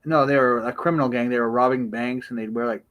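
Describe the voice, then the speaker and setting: A man with a mid-pitched, very flat voice chats on a podcast. He is laid-back and hesitant, and often repeats himself as he starts a sentence again. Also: fast talker. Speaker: podcast co-host. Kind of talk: crude casual chat.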